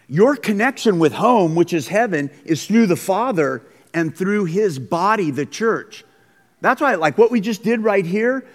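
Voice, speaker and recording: A man preaching a conversational, emphatic sermon as pastor, recorded in a school gym. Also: high voice. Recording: long hall reverb.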